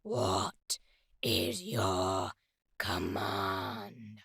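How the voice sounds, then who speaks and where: A woman voicing an evil, creepy female deity rising from a book, with a deep gravelly rasp and a slow, drawn-out, menacing delivery. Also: big pitch swings, a bit bright, slight background noise, full character voice.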